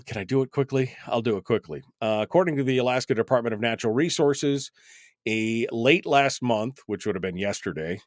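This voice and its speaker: A man's voice: medium pitch, no room sound, studio quality. A man in his fifties hosting a talk radio show, delivering a wry, exasperated, rambling monologue full of asides. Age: 50s.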